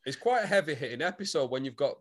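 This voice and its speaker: A man co-hosting a chatty podcast. He drops jokey, sweary asides into the recap. His voice sits slightly higher than most men's. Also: expressive, fast. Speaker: podcast co-host. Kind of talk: casual chat.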